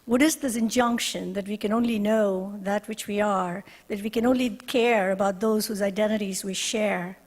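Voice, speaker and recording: A woman directing a university resource center, giving an earnest, measured ceremony speech with deliberate pauses. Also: mid-range voice, fairly even intonation, in a large hall. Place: ceremony hall.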